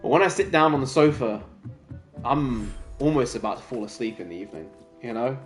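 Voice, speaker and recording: A man's voice: medium pitch, expressive, a little fast. A man chatting casually while streaming a game, rambling and self-deprecating, saying he is worn out. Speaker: gaming livestreamer. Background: game music.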